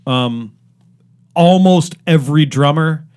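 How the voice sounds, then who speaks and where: A man's voice: fairly high pitch, slow pace, a little mellow, clean tone. A middle-aged man from Cleveland, a guest musician telling long stories in a casual interview, full of fillers and restarts. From Cleveland, Ohio. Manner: rambling with many fillers and restarts.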